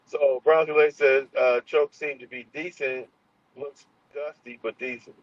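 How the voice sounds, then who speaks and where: Husky-voiced man ranting on a livestream. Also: mid-range voice, steady tone, unhurried, no room sound, highs cut off. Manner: rambling, profane, confrontational, many fillers and restarts. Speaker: livestream host. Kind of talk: heated livestream monologue.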